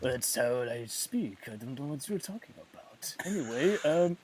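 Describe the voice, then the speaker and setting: A man putting on an impression of a famous male film actor, boastful and crude, talking in halting bits full of fillers. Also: mid-range voice, lively intonation, a crowd in the background, natural voice, rough recording.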